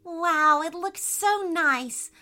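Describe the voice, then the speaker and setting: A woman voicing an excited, eager little girl in a children's storybook, with squealing, breathless delight. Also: extremely high pitch, very slow, faint music behind, voice pushed up, heavily acted.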